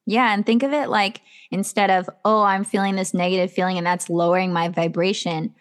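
A woman guest on a podcast who coaches people in self-love. She talks in a casual, earnest, encouraging way and keeps slipping in "like". Her voice sits at an ordinary middle pitch. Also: fairly even intonation, brisk. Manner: earnest and encouraging, many "like" fillers.

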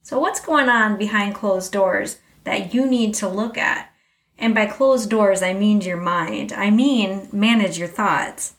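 This is a personal, reflective monologue from a middle-aged woman who hosts a podcast and speaks candidly to her listener. Her voice is medium-pitched and slow. The sound is roomy and echoey, with her a little off mic and far from it.

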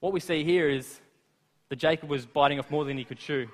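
A man preaching a sermon, retelling scripture in lively everyday words with asides to the listeners. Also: a little high, brisk. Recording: long reverb of a large hall.

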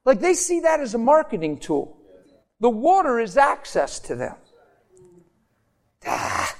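High-voiced impassioned male preacher. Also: a little slow. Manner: impassioned, swings from loud animated storytelling to hushed intimate tones. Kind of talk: sermon with storytelling.

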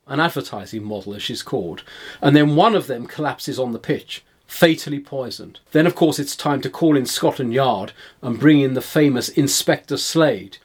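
A man co-hosting a podcast, calmly retelling a film plot in a measured storytelling way. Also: medium pitch, husky. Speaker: podcast co-host. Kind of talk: film discussion chat.

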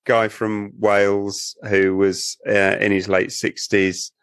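A man's voice: fairly low pitch, little pitch movement, slow, a bit bright, smooth, no echo, studio quality. A man, co-hosting a podcast and telling rambling, jokey stories over a remote call. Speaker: podcast co-host. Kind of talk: casual chat.

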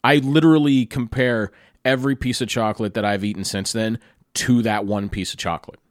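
A man recounts a trip in casual, enthusiastic narration, often turning to the listener. His voice sits in an ordinary middle pitch. The recording is dry and close, with no room sound. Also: fairly even intonation, brisk, dry recording. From Pennsylvania, USA. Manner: enthusiastic, conversational, chatty asides. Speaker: travel storyteller. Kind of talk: casual travel recap narration.

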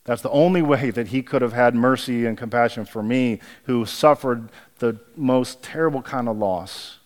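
Earnest pastor telling a story. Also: male voice, medium pitch. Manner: hushed and halting in sad memories, rising and emphatic when preaching. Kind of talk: sermon with personal storytelling.

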